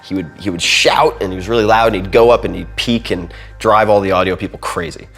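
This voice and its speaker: A man talking casually as an interview guest, telling animated stories and acting out other people's voices. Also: low voice, a little fast, faint music behind.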